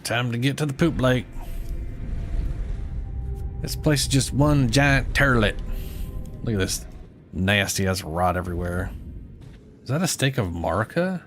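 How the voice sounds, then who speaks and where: A man's voice: mid-range voice, lively intonation, measured pace, pauses often, a bit bright, soft background music. A man streaming a co-op game, tossing out wry, playful asides as he plays. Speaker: gamer streaming co-op. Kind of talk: casual gaming commentary.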